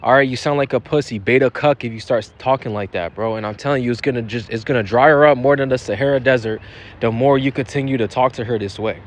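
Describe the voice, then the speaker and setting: A man's voice: mid-range voice, fast. A young man giving blunt, profane dating advice in a casual monologue, often repeating and restarting his phrases.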